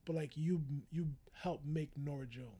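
A man's voice: on the high side, moderate pace, warm tone. A man, a musician guest in a casual interview, talking animatedly and often asking "you know what I mean?".

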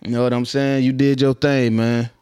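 A man's voice: medium pitch, little pitch movement, normal speed, a little mellow, clean tone. A man from Minnesota giving casual, laughing, slang-heavy commentary on the news to his viewers. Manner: loose, laughing, slangy street talk. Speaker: commentary vlogger.

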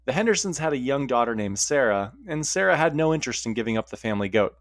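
A man's voice: medium pitch, expressive, fast talker, no room sound. Dry, wry male storyteller. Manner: casual, wry asides. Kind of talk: storytelling narration.

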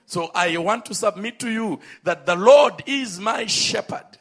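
Emphatic preacher man, high and bright. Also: expressive, slightly rough. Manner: emphatic, drawn-out phrases, calls on the congregation. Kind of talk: sermon.

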